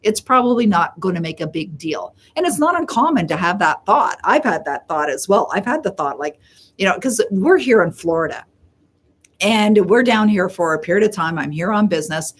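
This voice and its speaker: Answering viewers' questions in a live coaching Q&A, a middle-aged Canadian woman speaks in a low, sing-song voice. She's a chatty storyteller who performs the voices she quotes and slows to emphasize key points.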